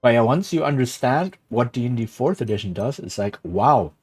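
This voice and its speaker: A man's voice: medium pitch, lively intonation, normal speed, a little mellow, slightly rough, faint music behind. Man rambling through a livestream explanation. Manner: rambling, keeps asking "right?". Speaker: streamer.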